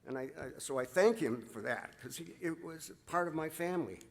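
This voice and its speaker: A man giving an emotional speech at an awards ceremony, halting and restarting as he addresses the crowd as folks. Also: a little high, animated, creaky. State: emotional, voice catching. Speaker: ceremony speaker presenting an inductee.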